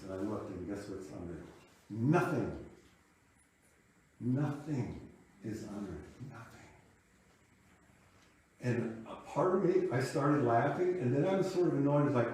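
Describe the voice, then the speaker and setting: In a church sanctuary with heavy echo, a distant-sounding man in his late fifties preaches, telling a personal story in a reflective, conversational way. The minister's darkish, medium-pitched voice has lively intonation and a measured pace broken by long pauses.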